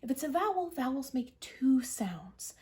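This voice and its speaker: Slow, patient reading teacher woman. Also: high voice, big pitch swings, dark tone. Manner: encouraging, patient, prompting the viewer to repeat. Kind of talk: early literacy lesson, guiding children through letter formation.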